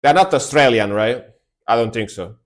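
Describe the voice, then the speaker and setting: A man's voice: medium pitch, lively intonation, normal speed. A man streaming music reactions, talking casually and laid back and repeating words for emphasis.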